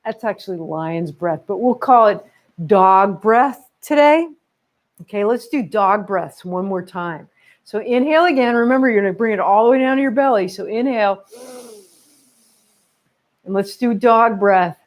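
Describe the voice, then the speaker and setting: A woman's voice: medium pitch, animated, normal speed. A woman leading a children's yoga class at home, upbeat and encouraging as she talks young kids through each pose. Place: home room with her dogs. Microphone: camera she set up herself.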